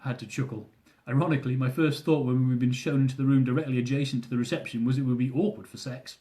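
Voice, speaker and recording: A young man reading from his own travel memoir with a dry, self-mocking wit. His voice is warm and mellow, sitting in an ordinary middle pitch for a man. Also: steady tone, quick pace.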